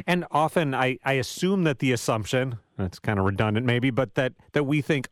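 A man's voice: mid-range voice, normal speed, hardly any pauses. A man hosting a radio interview, asking questions in a conversational, curious way with some hesitations.

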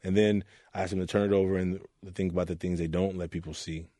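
A low, mellow voice delivers fast, flat speech in a clean studio recording with no echo. The speaker, a youth mentor from Oakland, California, earnestly tells personal stories in a candid interview, imitating the people he quotes.

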